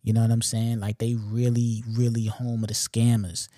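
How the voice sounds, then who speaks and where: A man's voice: medium pitch, completely flat delivery, moderate pace, dark tone, no echo, clean studio sound. A man from Long Island hosts a podcast, telling stories in a loose, profane, slangy way and often saying "you know what I'm saying". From Long Island, New York. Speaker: podcast host. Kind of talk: casual storytelling monologue.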